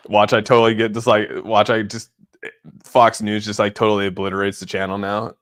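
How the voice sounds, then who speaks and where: Brisk and monotone, with a fairly low and slightly bright voice, a young crypto livestream host responds to his chat. He's giddy and amused, laughing a lot and tossing out "dude" again and again.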